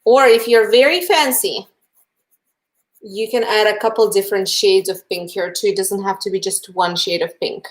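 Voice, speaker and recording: A woman's voice: medium pitch, fairly even intonation, normal speed. A young woman with a Russian accent, teaching a live painting lesson, chatty and friendly, who talks straight to her viewers and answers their chat. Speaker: painting instructor.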